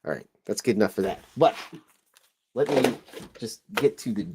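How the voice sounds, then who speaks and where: A man with a lowish voice hosts a casual stream, talking as he sketches. He rambles, jokes at his own expense and keeps up an easygoing, chatty flow. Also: normal speed, background noise. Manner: rambling, chatty, self-deprecating. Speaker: show host. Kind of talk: casual livestream chat while drawing.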